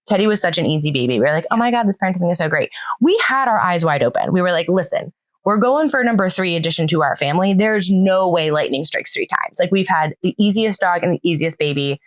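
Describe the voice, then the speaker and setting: A woman in her thirties co-hosting a podcast, telling stories with animated energy and frequent laughs. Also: fairly low pitch, fast talker, no echo. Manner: animated storyteller, laughs often. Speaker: podcast co-host. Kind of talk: casual chat.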